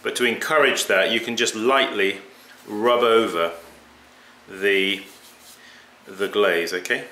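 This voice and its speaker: A man's voice: on the low side, bright, forceful tone. A middle-aged man talking casually through a pottery glazing demonstration, often stopping and repeating words as he works. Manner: halting, repeats words, talks while working.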